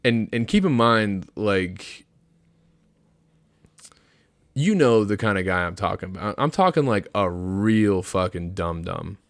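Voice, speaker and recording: A man's voice: on the low side, takes it slowly, pauses often, no echo. A young man, a podcast co-host, telling a story in casual chat, swearing a lot and acting out what people said. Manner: profane, animated storyteller acting out quotes.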